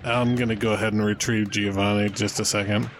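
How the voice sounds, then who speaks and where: A man playing a tabletop game, talking calm and easygoing. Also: on the low side, brisk, a crowd in the background. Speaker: player.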